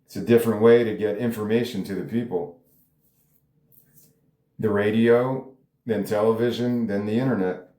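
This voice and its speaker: A man's voice: lowish voice, steady tone, moderate pace, long pauses, dark tone. A man reading his own script aloud in a table read, commenting in a rambling, casual way and swearing now and then. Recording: roomy echo.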